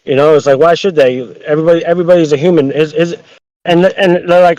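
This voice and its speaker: Brief: rapid-fire, slightly high-voiced man ranting as a podcast guest, profane and full of restarts. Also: steady tone, darkish tone, no room sound. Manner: heated, profane, rambling with many restarts. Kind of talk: casual podcast chat. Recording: dull lo-fi dry sound.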